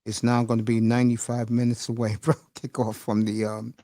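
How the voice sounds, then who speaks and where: A man's voice: mid-range voice, completely flat delivery, a little fast, mellow, no echo, studio quality. A man hosting a casual live stream, rambling and emotional, calling his listeners bro and folks. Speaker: livestream host. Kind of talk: casual livestream chat.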